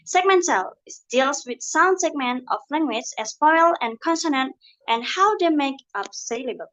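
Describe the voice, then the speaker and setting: A young woman from Indonesia giving a class presentation, explaining carefully and a little haltingly from her notes. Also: sits high, expressive, a bit bright, dull audio. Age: young adult. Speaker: student presenter.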